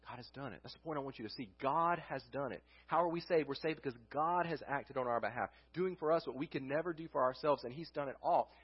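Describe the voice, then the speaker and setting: Male pastor, mid-range voice, breathy edge; conversational sermon delivery on a dull church recording. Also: mid-range voice, fast, hardly any pauses. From United States. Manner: conversational preaching with rhetorical questions and restarts. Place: church sanctuary.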